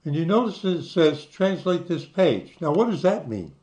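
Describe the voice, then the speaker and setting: A man's voice: fairly high pitch, very animated, moderate pace, a little mellow. An older man from the United States who talks you through websites in a casual screen-share, spelling things out letter by letter. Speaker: channel host.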